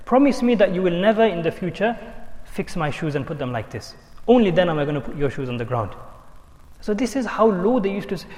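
A man's voice: a little high, a little mellow, big-room sound. A man preaching a sermon, telling stories and mixing in Urdu and Arabic quotations. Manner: storytelling, switching between English, Urdu and Arabic quotations. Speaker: Islamic preacher.

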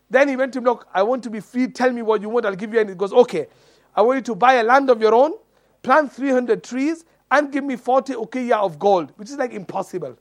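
High-pitched preacher man, acts out the dialogue, lots of uhs and you knows. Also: quick pace. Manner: animated retelling, acts out quoted dialogue, many fillers. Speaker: Islamic preacher. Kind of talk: storytelling sermon.

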